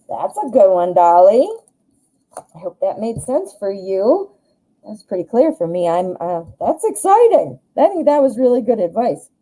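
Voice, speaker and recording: A woman with a Midwestern American accent talks her way through a live tarot reading, chatty and rambling. She often restarts her sentences and sounds easily excited. Her voice is very mellow and dark, at a middle pitch. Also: rough recording. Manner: chatty, rambling, enthusiastic, frequent restarts and fillers. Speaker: tarot reader, live show host.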